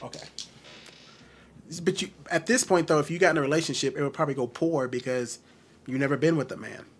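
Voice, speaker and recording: A man's voice: fairly high pitch, quick pace, slight background noise. An American man hosting a casual video chat, teasing and provoking with jokes. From United States.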